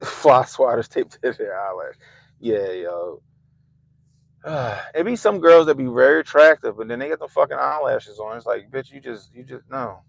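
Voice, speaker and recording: A man rants on his livestream in a gravelly, mid-pitched voice. He swears at nearly every turn and swings between loud outbursts and low mutters. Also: animated, moderate pace, no echo, poor audio. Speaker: livestream host. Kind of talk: profane casual rant. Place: Baltimore.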